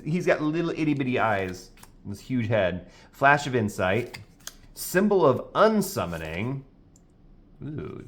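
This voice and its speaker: Casual male co-host, slow and hesitant, pitch rising and falling a lot. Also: a bit bright. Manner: slow, hesitant reading of card names with many "uh"s. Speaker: co-host opening card packs. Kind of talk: casual card opening chat.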